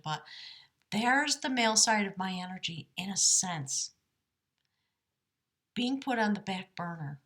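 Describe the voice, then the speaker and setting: Bright-voiced woman musing on a live stream. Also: mid-range voice. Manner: earnest, spiritual musing with soft hushed asides. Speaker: tarot reader and live-stream host. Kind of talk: casual reflective live-stream monologue. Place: her home cottage. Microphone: device camera.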